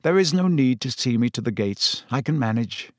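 A man voicing a kind, modest middle-aged male teacher with a warm, polite manner. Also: medium pitch, expressive, normal speed, no echo, clean studio sound, natural voice.

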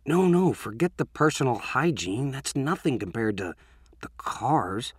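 A man's voice: mid-range voice, animated, unhurried, husky, no room sound, studio quality, pitched above the performer's own voice. A man voicing a smirking teenage boy who jokes and mocks the other kids. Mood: mocking. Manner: mocking, wisecracking.

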